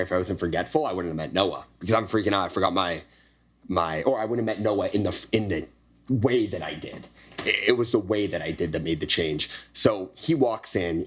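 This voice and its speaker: A young man hosting a podcast, telling a personal story in a casual, animated way and acting out the dialogue with frequent swearing. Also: deep voice, slightly rough. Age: young adult. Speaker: podcast host. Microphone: podcast studio microphone.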